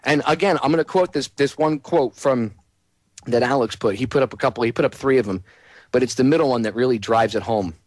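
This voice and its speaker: A man's voice: medium pitch, brisk, no room sound. A man hosting a talk radio show, ranting sarcastically in a monologue.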